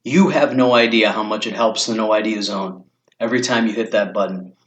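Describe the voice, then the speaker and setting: A man's voice: lowish voice, fairly even intonation, fairly quick, highs cut off. A man giving a scripted, friendly outro asking viewers to subscribe. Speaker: channel host outro.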